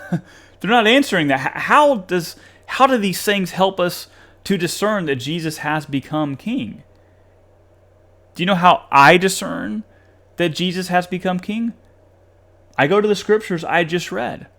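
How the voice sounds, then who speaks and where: Guy doing a podcast, reads stuff out then riffs on it, pretty lively and sarcastic, kinda high voice. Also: a little slow, pauses often. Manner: animated, sarcastic, laughs while criticizing. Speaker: podcast host reviewing a study article. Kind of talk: casual commentary with reading aloud.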